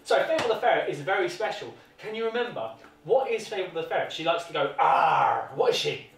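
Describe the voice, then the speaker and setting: The man's voice is high-pitched, expressive and fast as he encourages a toddler through a tennis lesson in a sing-song British accent, full of repeated directions. The mic sits at a distance in an echoey room, with music faintly audible.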